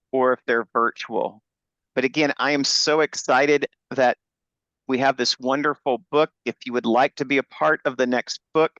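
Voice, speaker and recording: A man's voice: mid-range voice, a bit bright, no room sound. A man hosting a book launch on a video call, talking enthusiastically with fillers and restarts. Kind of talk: Zoom presentation. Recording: dull lo-fi video call audio.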